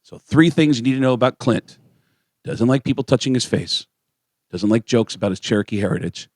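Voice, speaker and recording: A man co-hosting a radio talk show, telling stories in a lively way and acting out the people he quotes. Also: mid-range voice, fairly quick, dry recording, studio quality. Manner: animated storyteller acting out quotes in voices. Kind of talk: casual storytelling chat.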